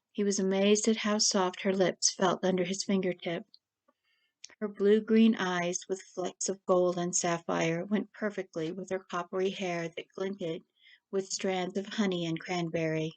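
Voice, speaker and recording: A woman author reading her short story aloud at a steady, even pace. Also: on the low side, a little slow. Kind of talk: story narration.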